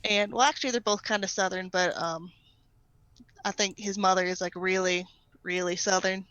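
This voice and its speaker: A woman's voice: medium pitch, steady tone, moderate pace, fairly bright tone, no echo. A woman playing in a tabletop game, speaking hesitantly as she thinks aloud. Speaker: player. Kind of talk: casual chat at a tabletop game. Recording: dry, dull lo-fi sound.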